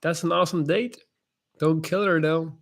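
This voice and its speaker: This young man's voice sits a little high, with a steady tone and normal pace. He hosts a casual live-stream chat, answering viewers' questions bluntly and laid-back while calling people "man".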